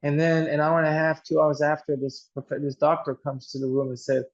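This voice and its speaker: A man's voice: fairly high pitch, monotone, fairly quick, lo-fi sound. A man telling a personal story earnestly, often restarting and repeating words. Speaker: guest telling his story.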